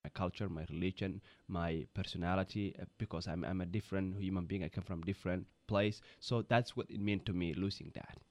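Man, very deep voice, non-native English, reflective, calm, dry recording. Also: brisk, few pauses, no room sound. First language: not English. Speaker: interviewee. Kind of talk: reflective interview talk.

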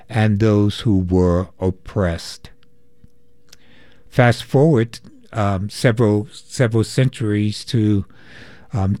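A middle-aged man hosting a call-in radio talk show, speaking thoughtfully with pauses and fillers. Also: lowish voice, darkish tone, dry recording.

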